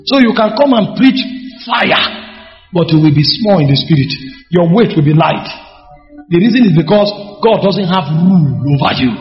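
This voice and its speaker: A man's voice: high-pitched, lively intonation, fairly quick, faint music behind. Male preacher, emphatic, repetitive rhetorical style; dull, roomy hall recording. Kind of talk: sermon. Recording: echoey hall, dull sound.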